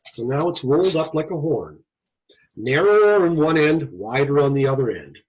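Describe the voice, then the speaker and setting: Male lecturer, husky, lively and questioning, somewhat high voice, lo-fi classroom tape. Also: normal speed. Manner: lively, talks to students with questions. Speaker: audiology lecturer.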